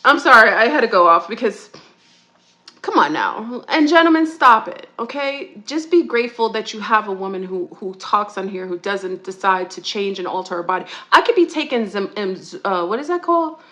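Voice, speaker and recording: A woman hosting a talk show, ranting heatedly and rambling, with restarts and high-pitched outbursts. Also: expressive, normal speed, sharp tone. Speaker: podcast co-host. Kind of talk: ranting monologue.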